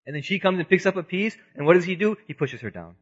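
A man in his thirties giving an earnest religious lecture, moving between loud emphasis and quiet asides, in a dull lo-fi recording. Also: high voice, expressive, quick pace, husky. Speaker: preacher.

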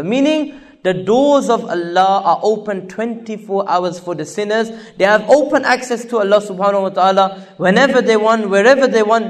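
A male preacher delivers a sermon in an earnest, repetitive way. His voice sits high for a man. He pushes up for emphasis, then falls into quiet, low asides.

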